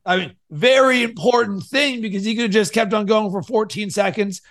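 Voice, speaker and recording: A man hosting a podcast and coaching his guest, energetic, swinging between loud and soft to make his points. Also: high-pitched, fairly quick. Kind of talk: coaching conversation.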